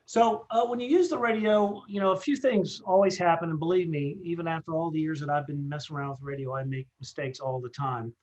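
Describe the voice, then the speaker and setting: A man's voice: fairly high pitch, steady tone, a little fast, hardly any pauses, a little mellow. A middle-aged man leading a radio communications training session, earnest and repetitive, with many fillers and restarts. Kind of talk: training presentation.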